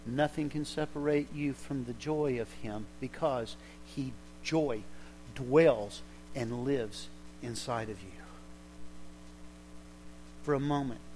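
A man's voice: medium pitch, slow pace, a little mellow, slight background noise, low-quality recording. A male pastor preaching a sermon in a church service, fervent and exhorting.

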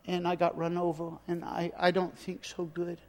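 Gentle halting drifter with a high voice who stammers , as a preacher puts him on, echoey hall. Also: male voice, completely flat delivery. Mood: plain-spoken. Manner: stammering, repeats words. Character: halting, simple-spoken hitchhiker man, gentle and earnest.

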